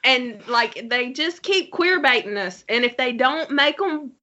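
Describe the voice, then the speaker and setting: A woman, a podcast guest chatting casually and swearing excitedly. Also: high voice, measured pace. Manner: excitable, profane. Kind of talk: casual chat. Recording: dull lo-fi sound.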